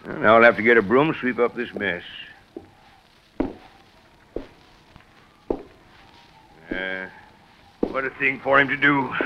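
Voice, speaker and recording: An old lighthouse keeper. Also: male voice, medium pitch, dull audio, noisy background. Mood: musing. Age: older. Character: aging male lighthouse keeper, fatherly and stern. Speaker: actor in radio drama. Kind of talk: old-time radio drama acting.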